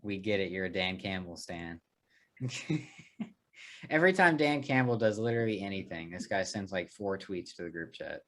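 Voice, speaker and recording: A man hosting a casual sports podcast, leading the picks with quick, teasing banter. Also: deep voice, animated, a bit bright. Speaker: podcast host.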